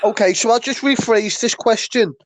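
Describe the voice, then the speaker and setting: A man's voice: high voice, moderate pace, no room sound. A young man with a Scouse accent hosting a podcast, asking the questions and keeping the jokes going. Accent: Liverpool Scouse. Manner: steers the talk, asks the questions, jokey. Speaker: podcast host. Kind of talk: casual podcast chat.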